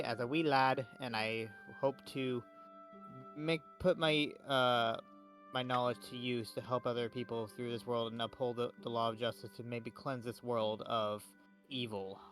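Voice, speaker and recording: A man's voice: medium pitch, fairly even intonation, measured pace, fairly bright tone, faint music behind. A man playing a paladin in a tabletop game, talking hesitantly and stumbling over words. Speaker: player. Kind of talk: in-character tabletop play.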